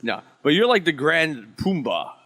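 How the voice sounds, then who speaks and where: A man co-hosting a loose podcast chat, joking and profane and always teasing his friends. His voice sits a little high and swings up and down a lot. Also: sing-song, a little slow, a bit bright, no echo. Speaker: podcast co-host. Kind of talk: casual chat.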